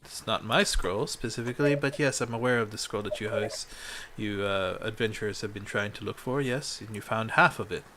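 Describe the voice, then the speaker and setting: A man's voice: lowish voice, a little fast, few pauses, noisy background, close to an everyday voice. A man voicing a regal queen who speaks in a formal, stately way.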